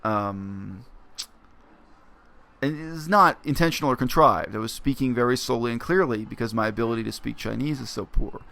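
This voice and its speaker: Gravelly-voiced man musing on camera. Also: mid-range voice, pushed and bright. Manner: reflective, explanatory, with many pauses and fillers. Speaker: vlogger. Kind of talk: casual spoken monologue.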